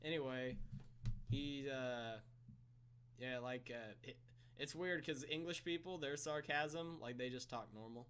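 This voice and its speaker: A young man with a bright, forward voice co-hosts a casual podcast. He rambles, stutters through thoughts and laughs a lot. A faint hum sits under the recording. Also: medium pitch, a little slow. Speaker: podcast co-host. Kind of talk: casual chat. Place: room with a friend.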